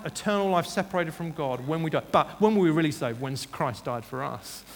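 A man's voice: a little high, brisk, hardly any pauses. A man preaching a sermon in earnest, rising to emphatic bursts and restarting his sentences. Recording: reverberant hall, faint ambience.

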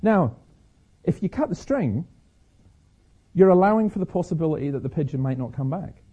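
Scottish male stage speaker, husky with a sore throat, animated preaching, slightly dull lo-fi recording. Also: on the high side, normal speed. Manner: lively storyteller, repeats words as he restarts. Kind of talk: preaching talk to an audience. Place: stage before an audience.

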